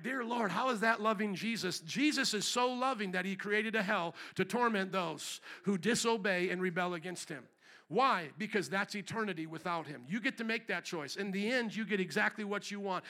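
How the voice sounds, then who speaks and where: A man delivers a fiery church sermon in a strikingly high voice. His tone is bright and forceful, and it cuts through the room. He drops to quiet asides, then climbs back up to shouted emphasis. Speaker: pastor.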